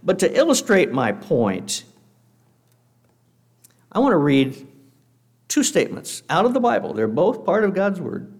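A man giving a sermon to a congregation, earnest and measured, slowing down to read scripture aloud. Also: high voice, wildly swooping pitch, a little mellow, slightly rough. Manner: guest speaker addressing a congregation. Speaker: preacher.

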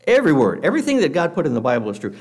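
A man giving a sermon to a congregation, earnest and measured, slowing down to read scripture aloud. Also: a little high, wildly swooping pitch, darkish tone. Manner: guest speaker addressing a congregation. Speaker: preacher.

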